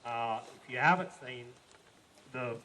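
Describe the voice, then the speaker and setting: A man runs an outdoor dedication program in a bright, forward voice, talking loosely with lots of ums and uhs. A faint hiss of open air sits under the recording. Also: mid-range voice, low-quality recording. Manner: informal, halting, with many fillers. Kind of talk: outdoor public announcements. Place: outdoors at a cemetery.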